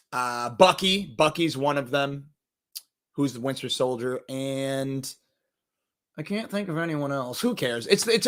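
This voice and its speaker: Young man, host, bright forceful tone, slightly high voice, rambling casual movie-news chat, jokey, swears. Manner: rambling, joking, swears, trails off into mumbles. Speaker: podcast host. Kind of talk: casual entertainment news commentary.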